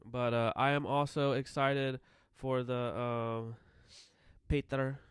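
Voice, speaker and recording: A man co-hosting a casual sports podcast, joking and excitable, swearing freely. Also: medium pitch, takes it slowly, clean tone, no room sound, clean studio sound. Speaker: podcast co-host.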